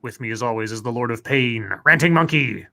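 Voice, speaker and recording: A man's voice: medium pitch, fairly quick. A man hosting a casual online talk show, greeting listeners and chatting in an upbeat way. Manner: upbeat, animated host banter. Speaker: podcast host. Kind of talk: casual chat.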